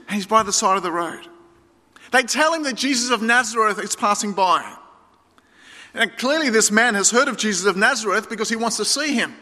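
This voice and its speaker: A man's voice: high-pitched, sharp tone, big-room sound. A man preaching an emphatic sermon, calling his listeners friends. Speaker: pastor.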